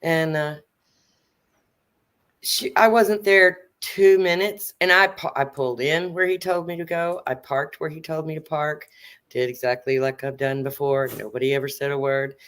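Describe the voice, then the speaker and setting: A middle-aged woman hosting a casual chat, telling a story in an animated way, acting out quotes and swearing freely. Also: low-pitched, moderate pace. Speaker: host.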